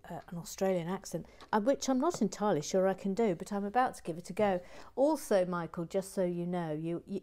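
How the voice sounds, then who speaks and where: A woman's voice: mid-range voice, warm tone. A woman hosting a casual building stream, chatting in a self-deprecating, exclamatory way. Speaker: LEGO building stream host. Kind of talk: casual chat while building.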